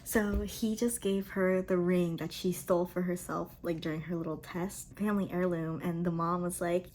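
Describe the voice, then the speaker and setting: A young woman talking casually in a reading reaction vlog, emotional and gushing, with quick bursts of outrage. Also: lowish voice, fairly even intonation, darkish tone, slight background noise. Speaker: book vlogger.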